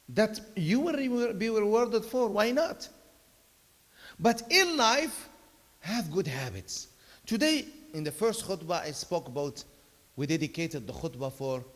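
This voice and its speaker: A man giving a Friday sermon as an imam. He talks conversationally, with loud emphatic bursts and soft storytelling asides. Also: sits high. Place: mosque prayer hall. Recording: long reverb of a large hall.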